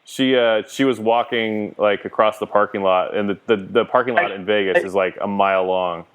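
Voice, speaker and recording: A man's voice: on the low side, steady tone, normal speed, smooth. A man hosting a casual call-in podcast chat, asking lots of curious questions. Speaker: podcast host.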